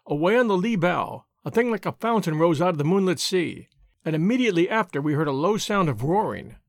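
A man hosting and narrating an audiobook with a steady, expressive reading. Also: high voice, fairly quick, no echo.

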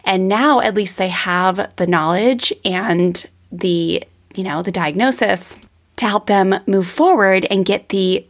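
A woman's voice: mid-range voice, gravelly. A middle-aged woman from California hosting a podcast, talking in an effusive, encouraging, casual way. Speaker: podcast host.

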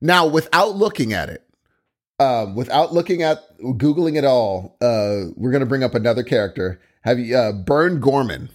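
A man in casual chat about a TV series, excitable, exclaiming often and restarting his sentences. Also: mid-range voice, moderate pace. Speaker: co-host discussing a TV series.

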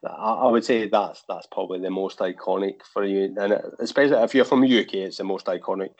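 A man's voice: deep voice, steady tone, quick pace. A Scottish man, a guest on a podcast, chatting casually in a rambling way with frequent restarts. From Scotland. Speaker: guest, figure customizer.

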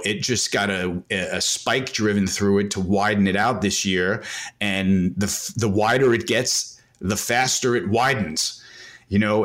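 A man with a fairly low voice speaks as a guest analyst in a casual podcast interview. He rambles and restarts often, with plenty of fillers, and gets animated as he makes his points.

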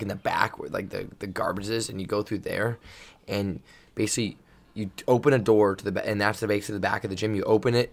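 A man who coaches volleyball, chatting casually on a podcast and rambling through stories with lots of restarts. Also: on the low side. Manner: rambling, animated storyteller with many restarts. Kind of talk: casual storytelling chat.

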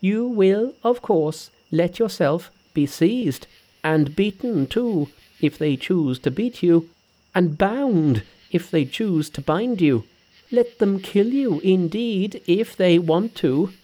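A man's voice: high voice, lively intonation, takes it slowly, mellow, full character voice. A man reading an audiobook who voices a boastful, cocky male monkey hero in a brash, confident manner. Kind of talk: audiobook character voice.

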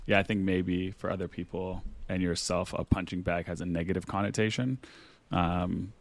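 A man's voice: deep voice, steady tone, normal speed, gravelly. A man co-hosting a podcast who explains his ideas with energy and acts out the examples he gives. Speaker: podcast co-host. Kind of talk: casual podcast conversation.

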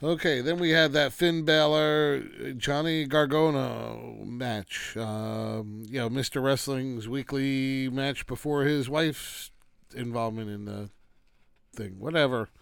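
A man's voice: medium pitch, slow, vocal fry, a bit bright, clear, resonant tone, no room sound, clean studio sound. A man hosting a casual wrestling recap, ranting with exasperated, dismissive asides.

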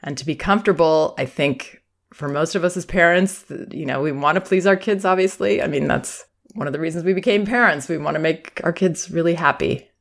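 A woman hosting a parenting podcast, giving calm advice and acting out quoted phrases to parents and children. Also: low voice, brisk, vocal fry. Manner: warm, reassuring, acts out quoted phrases. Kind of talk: advice talk.

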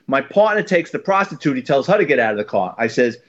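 A man's voice: mid-range voice, big pitch swings, fast talker, few pauses, lo-fi sound. A man, a police officer, tells a story animatedly and acts out the dialogue. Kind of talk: casual storytelling.

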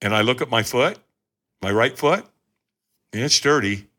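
On a podcast as a guest, a man relates a story with lively, emphatic delivery, turning often to address his listeners. He speaks at a moderate pace and medium pitch.

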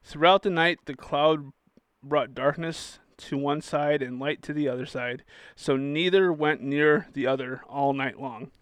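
Man reading verses in a relaxed bible study, slightly high, clean-toned delivery. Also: unhurried, clear, resonant tone. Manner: reads verses aloud, then comments casually. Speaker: bible study co-host, scripture reader. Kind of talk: casual chat and scripture reading.

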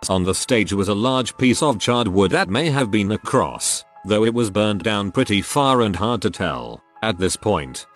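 A man with a fairly low voice narrates scary stories from the outdoors. His delivery is steady, but his intonation rises and falls a lot. Soft music plays faintly underneath.

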